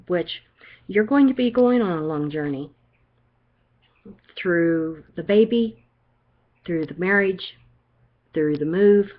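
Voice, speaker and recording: An older woman talks through a card reading in a low, homey voice. She reassures the listener and keeps checking in with "okay?". The recording sounds dull and lo-fi. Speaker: psychic reader.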